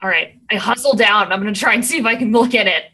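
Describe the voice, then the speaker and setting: A woman playing a tabletop game, playful and quick to grumble. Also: mid-range voice, sharp tone, husky, low-quality recording. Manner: playful, exasperated. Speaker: player.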